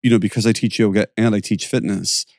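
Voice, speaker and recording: A man's voice: on the low side, fairly even intonation, fast talker, creaky, darkish tone, no room sound, clean studio sound. A man hosting a podcast, talking casually, searching for words and laughing often. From Pittsburgh area, USA. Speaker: podcast host and yoga teacher.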